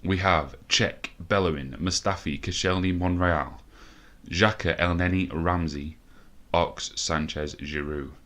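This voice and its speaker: Deep guy talking through his football game, annoyed and swearing a lot. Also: fairly even intonation, a little slow, a bit bright. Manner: frustrated, swearing, thinking aloud. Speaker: gaming video host. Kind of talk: let's play commentary.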